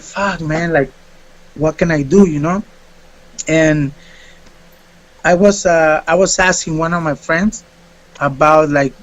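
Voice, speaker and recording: A man, a fighter being interviewed, telling a story in a casual, animated way and acting out what people said. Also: on the high side, highs cut off. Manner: animated, acts out quotes.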